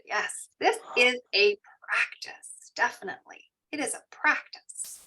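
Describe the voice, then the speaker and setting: Soft-spoken woman guiding meditation. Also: fairly high pitch. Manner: soft, slow and soothing, reads out participants' shares. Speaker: mindfulness teacher. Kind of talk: guided meditation and parent info session. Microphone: online video call.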